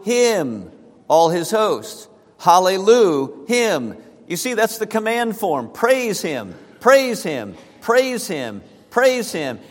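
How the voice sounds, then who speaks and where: A high-voiced man preaches at a slow, deliberate pace, stretching words for emphasis. He repeats key phrases to drive them home to his congregation. His voice carries the long echo of a church sanctuary. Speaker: pastor. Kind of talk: sermon. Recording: church hall reverb.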